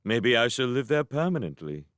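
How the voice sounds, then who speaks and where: A man voicing a brisk, efficient, bossy witch and mother in a storybook reading. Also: medium pitch, big pitch swings, fairly bright tone, smooth, no room sound, studio quality.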